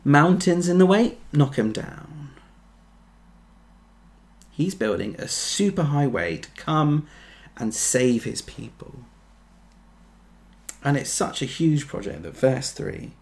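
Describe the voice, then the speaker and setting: A man preaching a sermon, earnest, building to emphatic peaks and then dropping soft. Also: mid-range voice, expressive, takes it slowly, vocal fry.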